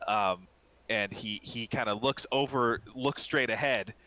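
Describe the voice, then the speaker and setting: A man's voice: mid-range voice, measured pace, bright, forceful tone, poor audio. A man narrating as game master in a casual, rambling way, full of fillers and restarts.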